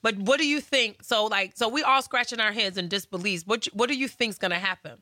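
A woman co-hosts a radio talk show, chatting in a lively way and laughing easily. Her voice is bright and forward. The studio sound is dry and close. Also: mid-range voice, a little fast, dry recording. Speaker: radio co-host. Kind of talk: casual radio chat.

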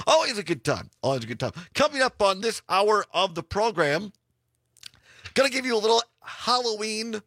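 A man hosting a casual afternoon radio talk show from a studio, speaking with a hoarse voice, chatty and quick to laugh. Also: high-pitched, sing-song, bright, forceful tone, no echo. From Wisconsin. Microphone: studio microphone.

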